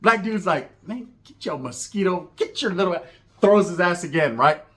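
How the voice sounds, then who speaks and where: At a normal pace and with a high voice, this man spins a funny, foul-mouthed tale from the street, full of slang and lively impressions of the characters in it.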